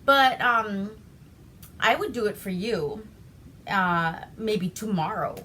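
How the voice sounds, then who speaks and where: A woman voicing a male puppeteer who fancies himself a charmer, halting and hesitant. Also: medium pitch, expressive, bright, forceful tone, a little hiss or hum. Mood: casual. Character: smooth-talking male puppeteer, a would-be charmer.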